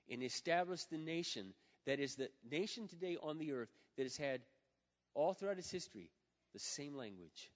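A man in his fifties preaching a sermon as pastor, dramatic and swinging from loud to hushed, acting out quoted prayers. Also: fairly high pitch. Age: 50s. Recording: dull sound with long hall reverb.

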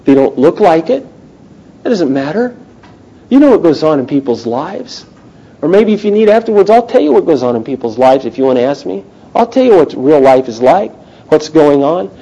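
A man in his thirties preaches with a high, bright-edged voice. He drives hard with urgent emphasis, then drops to a near hush before building again. The tone is earnest and evangelical, aimed straight at his listeners. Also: dull audio. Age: 30s. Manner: impassioned, swinging between loud urgency and hushed intensity. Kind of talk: sermon.

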